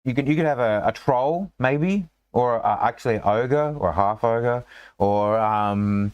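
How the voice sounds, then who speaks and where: A man's voice: medium pitch, unhurried, darkish tone, smooth, no room sound, highs cut off. A man running a tabletop game as game master, in a rambling, casual way full of fillers and restarts.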